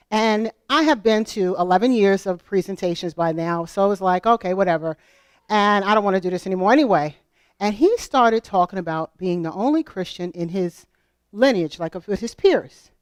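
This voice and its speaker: A middle-aged American woman speaking at a homeschool convention, telling personal stories in an animated, conversational way and asking the audience questions. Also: medium pitch, no room sound, studio quality. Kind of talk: storytelling conference talk.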